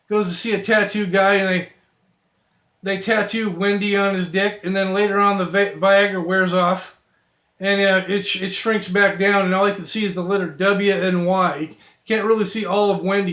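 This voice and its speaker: Halting amateur joke teller, male, high pitch, echoey room. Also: a bit bright. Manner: halting, many restarts and fillers, self-deprecating. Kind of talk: rambling joke telling.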